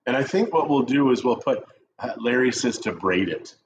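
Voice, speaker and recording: Lively joking middle-aged man, lo-fi sound. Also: medium pitch, moderate pace, background noise. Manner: joking, animated storyteller. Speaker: co-host of a real estate chat show. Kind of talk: casual coffee chat. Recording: dull lo-fi stream audio.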